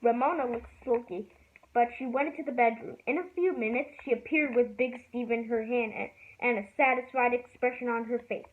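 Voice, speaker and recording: A woman reading a children's book aloud with a lively, expressive delivery. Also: a little high, fairly quick. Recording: tinny phone-like sound.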